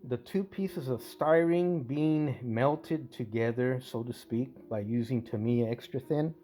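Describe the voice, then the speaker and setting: A man talks through his scale model restoration in a loose, conversational way, often stopping to correct himself mid-sentence. His voice sits at an ordinary middle pitch. Faint guitar music plays underneath. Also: unhurried, warm tone. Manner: rambling, self-correcting, conversational. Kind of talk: casual workshop narration.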